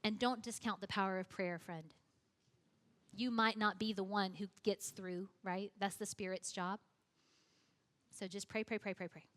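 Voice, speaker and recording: A woman speaking at a church, telling a story in a lively way and acting out the dialogue. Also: mid-range voice, measured pace, pauses often, long reverb tail. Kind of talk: storytelling sermon.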